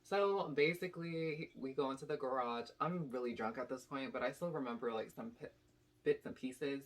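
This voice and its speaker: A young woman telling a casual storytime to her channel, animated and rambling with lots of "like" and "basically". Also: rumbling low, moderate pace. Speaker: YouTube storyteller.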